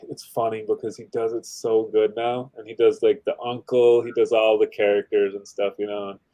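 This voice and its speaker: A man's voice: on the low side, little pitch movement, moderate pace, dark tone, low-quality recording. A man hosting a casual livestream show, chatting in a laid-back, rambling way with lots of fillers. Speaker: podcast host.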